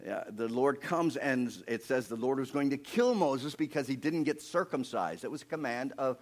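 A middle-aged man preaching a sermon with animated storytelling, swinging between soft, low asides and loud, emphatic passages. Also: normal speed. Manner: earnest, personal asides.

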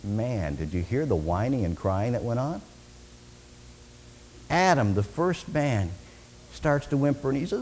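A man preacher delivering a sermon, dramatic, swinging from loud declaiming to hushed near-whispers. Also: medium pitch, big pitch swings, a little slow, pauses often. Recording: long reverb in a large hall.

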